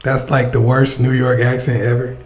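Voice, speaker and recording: A man's voice: mid-range voice, completely flat delivery, normal speed, a little mellow. A man hosting a casual livestream, giving advice and talking straight to his chat. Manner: conversational, addresses chat directly. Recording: echoey room sound.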